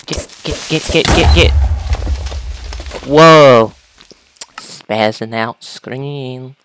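A woman casually commentating a video game, talking to creatures and breaking into panicked shouts. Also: rumbling low, slow pace, a little hiss or hum. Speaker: gaming YouTuber.

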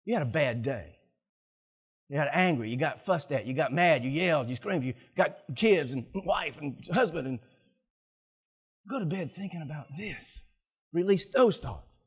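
Older male pastor preaching, husky and animated. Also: a little high, normal speed. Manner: animated, laughing, talking to the congregation. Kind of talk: sermon.

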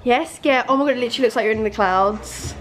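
A woman's voice: a little high, fast. A young woman co-hosting a vlog, teasing her friend and laughing often as they ride and work together. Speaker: vlog co-host. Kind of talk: casual chat. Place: in a car, then a studio. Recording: noisy car background.

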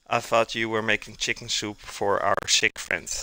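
A man's voice: on the low side, pushed and bright, rough recording. A man with a non-native accent who streams himself cooking live, rambling casually and answering chat messages as he works. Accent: non-native English accent.

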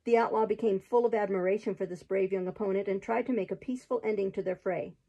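A woman reading a classic adventure tale aloud chapter by chapter in a gentle, steady manner. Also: medium pitch, fast talker, creaky, breathy edge, muffled recording. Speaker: host reading a book aloud. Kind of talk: storybook read-aloud.

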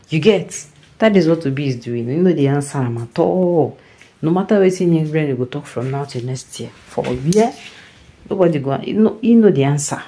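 A Nigerian commentator talks through the news in a loose, conversational way, keeping listeners engaged with repeated rhetorical checks. The voice sits at a middling pitch with a dark, mellow tone. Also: lively intonation, a little fast, low-quality recording. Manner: conversational, keeps asking "you understand?". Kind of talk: opinion commentary in Nigerian Pidgin.

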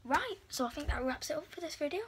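An English woman talking casually to camera as a vlogger, rambling with quick self-deprecating asides. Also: high-pitched, expressive, background noise. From England.

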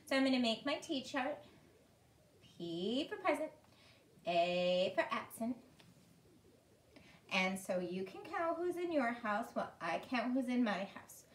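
A woman teaching small children in a gentle, sing-song way during an online preschool lesson, talking at home. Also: fairly high pitch. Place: room at home. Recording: echoey room, distant mic, faint hiss.

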